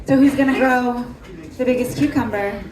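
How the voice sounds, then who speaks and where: A woman's voice: high-pitched, steady tone, normal speed, a crowd in the background. A woman performing live improv comedy in an earnest, pleading manner. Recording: echoey bar recording from far off.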